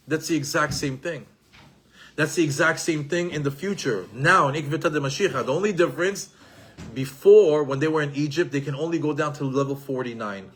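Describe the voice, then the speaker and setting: A middle-aged man giving an animated Torah lesson, repeating himself and mixing in Hebrew terms. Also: a little high, normal speed, husky. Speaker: Torah teacher.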